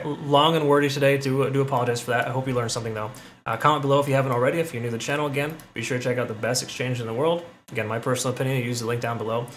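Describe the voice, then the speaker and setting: A man's voice: mid-range voice, fairly bright tone, a little hiss or hum. A man hosting a crypto analysis channel, talking casually through chart readings and often checking in with "okay?" and "right?".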